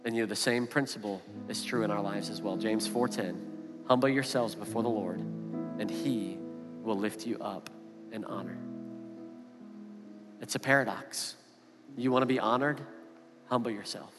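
A man's voice: lowish voice, moderate pace, long pauses. A man in his thirties preaching a sermon as pastor, telling a family story in an easy, conversational way. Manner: storytelling, animated when quoting his kids. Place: church sanctuary. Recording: reverberant hall with music underneath.

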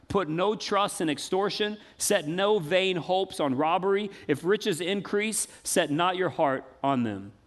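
A man preaching to his congregation in a relaxed, talkative way. His voice sits a little on the high side. He reads scripture slowly and then drops into everyday asides. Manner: conversational preaching with casual asides. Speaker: pastor. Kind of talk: sermon.

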